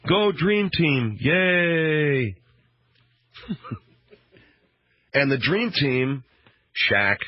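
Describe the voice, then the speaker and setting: A man's voice: mid-range voice, slightly rough, dry recording. A man hosting a radio talk show, rambling through a sarcastic, mock-outraged monologue. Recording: dull, dry radio broadcast.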